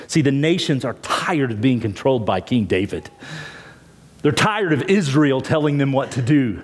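A man delivers an expository sermon at an ordinary pitch for a man. He works through the text verse by verse, leaning on key words and repeating himself as he builds each point. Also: very animated, moderate pace. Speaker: pastor.

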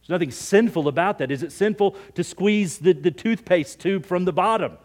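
A middle-aged man preaching a sermon as pastor, telling everyday stories with lively energy and dropping to hushed near-whispers for emphasis. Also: sits high, moderate pace.

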